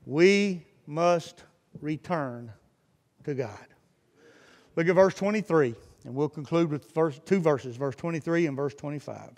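A man's voice: fairly high pitch, unhurried, a little mellow. A man preaching a fervent sermon as pastor, his intensity rising and falling. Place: church sanctuary. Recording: church service recording with long hall reverb.

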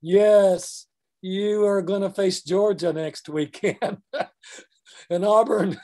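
A man's voice: high voice, steady tone, slow, dark tone. Chatty man teaching a Bible class.

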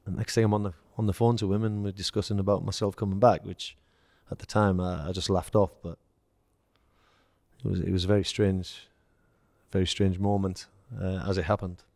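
English ex-footballer guest, low dry voice, anecdotal and animated. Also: male voice, a little fast, vocal fry, dry recording. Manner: storytelling, acts out quoted dialogue, laughs. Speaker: former footballer, podcast guest. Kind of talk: casual anecdote telling.

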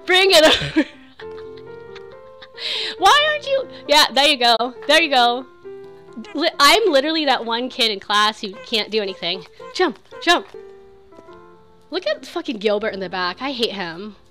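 A woman's voice: on the high side, big pitch swings, measured pace, long pauses, bright, forceful tone, soft background music. A woman in her thirties chatting casually while she plays a game on stream. She is giggly and rambling, and she swears freely. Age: 30s. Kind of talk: casual live gameplay chat.

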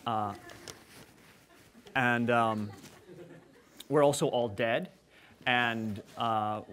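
A man's voice: medium pitch, fairly bright tone, close to an everyday voice. A man playing a brash, crude male redneck oil worker who jokes and rambles with lots of filler words. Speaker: performer in character. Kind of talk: in-character stage banter.

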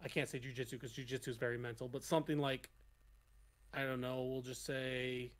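A man's voice: medium pitch, level tone, fairly quick. A young man talking in a casual podcast chat, hesitant and full of restarts and "like.".

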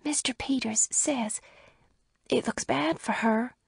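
A woman voices a nervous, timid sheriff's wife from an old-fashioned story, her lines coming out high and shrinking. She often drops to a hush and sounds close and dry. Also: expressive, vocal fry, no echo. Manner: hushed, shrinking, halting.

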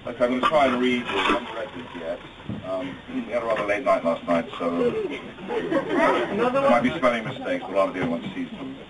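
British groom, wedding speech, joking at his own expense, lively pitch, heard from a distance over a loud crowd. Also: a little fast. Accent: British English. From Britain. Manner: self-deprecating, jokey, with stammered restarts. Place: wedding reception hall with guests. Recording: distant, crowded reception with chatter and laughter.

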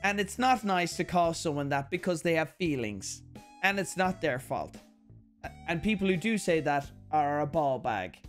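A man's voice: fairly high pitch, lively intonation, normal speed, faint music behind. An Irish man hosting a casual mail-opening vlog, crude and joking, with lots of swearing. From Ireland. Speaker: YouTube host.

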